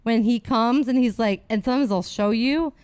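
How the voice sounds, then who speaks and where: A woman's voice: a little high, normal speed, a little mellow, smooth, dry recording. A woman comedian guest in casual podcast chat, bold and self-assured, laughing often.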